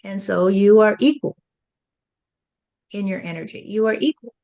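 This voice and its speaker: A woman's voice: medium pitch, moderate pace, dark tone, dull audio. A woman acting as a spirit medium, relaying channeled messages in a musing way and often tagging her lines with "you see.".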